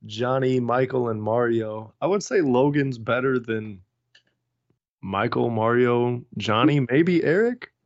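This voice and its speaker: An easygoing young man at an ordinary pitch chats and laughs often as a podcast co-host. The recording is dry and somewhat dull and lo-fi. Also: no room sound. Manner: easygoing, laughs a lot, lists names slowly. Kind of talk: casual chat.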